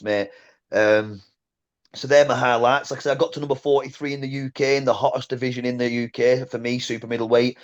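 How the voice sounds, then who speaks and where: A man, a former boxer telling stories in a casual interview, blunt and animated, often saying "mate". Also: medium pitch, dull audio. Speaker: guest, former boxer and coach.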